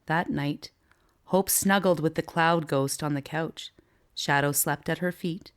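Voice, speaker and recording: Woman narrator, storybook reading, low voice, slow and measured. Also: clean tone.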